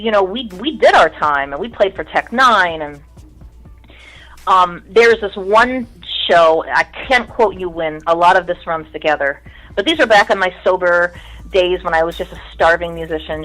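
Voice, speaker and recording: A woman's voice: lowish voice, fairly bright tone, rough recording. A middle-aged woman telling stories from her music career in casual, profane talk, mimicking the people in them. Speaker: guest musician. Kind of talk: casual storytelling.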